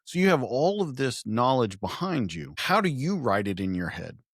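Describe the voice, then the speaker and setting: A man's voice: medium pitch, sing-song, normal speed, creaky, breathy edge, dry recording, studio quality. A man hosting a podcast interview, asking reflective questions. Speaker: podcast host.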